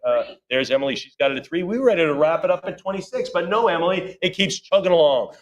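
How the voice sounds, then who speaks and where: A man's voice: a little high, animated, muffled recording. A man working as auctioneer at a live sale, rattling off rising bids in a rhythmic chant and breaking off for chatty asides. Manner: rapid rhythmic bid calling with chatty asides.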